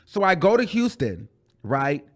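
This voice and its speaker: A man telling a storytime rant on his channel in a chatty, animated way, calling the listener "girl" and repeating phrases for emphasis. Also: a little high, measured pace. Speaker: YouTuber.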